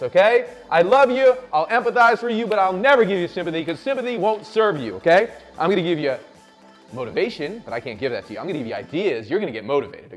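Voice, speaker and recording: Hyped high-voiced man pitching business. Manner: loud, swearing, hyped, lots of "right?" and "okay?". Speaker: show host. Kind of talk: energetic motivational business talk.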